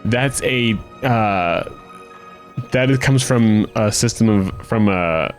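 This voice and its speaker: Low-pitched American guy, rambling let's-play co-host, faint game music underneath. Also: slow pace. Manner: chatty, rambling with restarts and asides. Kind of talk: casual chat while playing.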